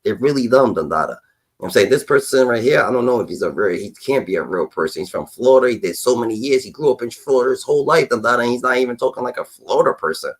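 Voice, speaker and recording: A man hosting a stream, reacting to clips in an animated rant and ending lines with a repeated filler word. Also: medium pitch, fast, husky, low-quality recording. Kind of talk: casual ranting commentary.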